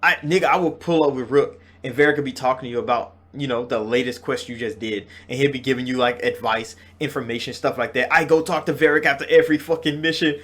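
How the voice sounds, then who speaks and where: A young man hosting a gaming channel, talking excitedly in a casual game reaction, cursing freely and swinging between loud outbursts and slow, drawn-out stresses. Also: medium pitch.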